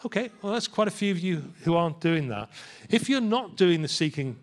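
A man's voice: a little high, expressive, a little fast. A man, a pastor, preaching a sermon in a church in a conversational way and asking his listeners rhetorical questions.

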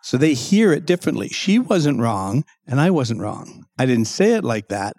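A man's voice: medium pitch, big pitch swings, moderate pace, darkish tone, dry recording, studio quality. A man, a guest expert in an interview, explaining at length and acting out quoted speech in a raised voice.

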